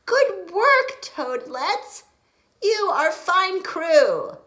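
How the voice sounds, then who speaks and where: A woman's voice: very high-pitched, big pitch swings, extremely slow, a bit bright, pitched above the performer's own voice, heavily acted. A woman voicing a hearty old male frog sea captain with salty sailor talk in a storybook. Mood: jolly.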